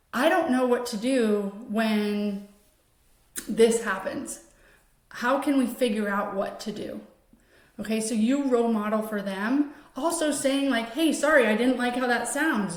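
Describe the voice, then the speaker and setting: An earnest woman with a fairly high voice, explaining an approach step by step. She acts out example phrases in a gentle, softer tone. The sound has a clear echo from the room around her. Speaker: host. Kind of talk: explanatory talk.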